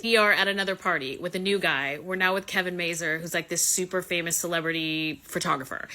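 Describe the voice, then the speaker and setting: Low, bright-voiced woman dishing gossip. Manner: chatty, profane, gossipy. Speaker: gossip storyteller. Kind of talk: casual storytime.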